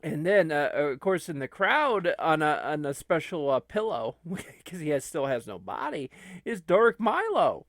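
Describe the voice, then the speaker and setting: A man's voice: fairly high pitch, sing-song, unhurried, fairly bright tone, dry recording. A man doing comedic gameplay commentary in a hammy, mock-tearful way. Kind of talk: comedic let's-play commentary.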